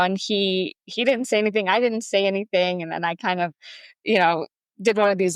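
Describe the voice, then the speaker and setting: A woman's voice: fairly low pitch, fairly quick, no echo. Chatty woman telling a story. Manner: chatty, many fillers like "um" and "like". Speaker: podcast guest. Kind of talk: storytelling in a casual interview.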